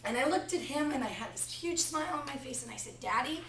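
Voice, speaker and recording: A woman's voice: high voice, quick pace, a little hiss or hum. A young woman giving a practice sermon to a class, telling a family story before turning to the text. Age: young adult. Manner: storytelling, animated retelling of family anecdote. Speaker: preaching student. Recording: echoey room from far off.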